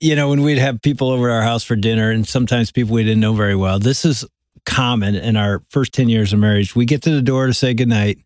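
A man who pastors and hosts a podcast tells stories in an animated way. He slips into the voices of the people he quotes. His voice sits mid-range and sounds dry and close to the mic. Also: mid-range voice, fast talker, no echo. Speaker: pastor and host. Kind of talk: podcast conversation.

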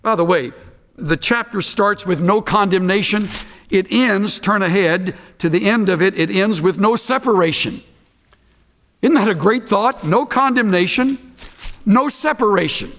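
A man preaching an expository sermon, emphatic and slowing down to stress key phrases. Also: sits high, a bit bright, in a large hall.

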